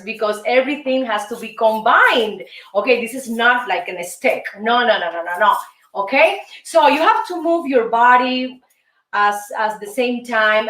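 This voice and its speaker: Cuban-accented woman teaching salsa, high voice. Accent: Cuban Spanish. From Cuba. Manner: counts beats aloud, lively and encouraging. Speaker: host and dance teacher. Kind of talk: salsa dance lesson. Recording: roomy sound from a distance, music behind.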